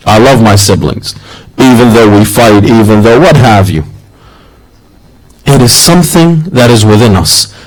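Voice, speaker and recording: A man's voice: medium pitch, unhurried, low-quality recording. A man preaching a sermon in an earnest, rhythmic way that repeats its phrases.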